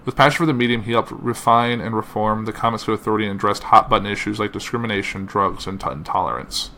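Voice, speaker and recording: Low-voiced man reading tributes. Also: bright, forceful tone, a little hiss or hum. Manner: reads slowly with uh fillers and slips. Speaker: podcast host.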